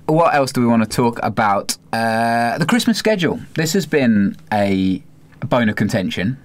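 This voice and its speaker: A young man co-hosting a casual football podcast, chatting in a relaxed way and sometimes trying out accents. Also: mid-range voice, normal speed. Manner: relaxed, drops in mock accents. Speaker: podcast co-host.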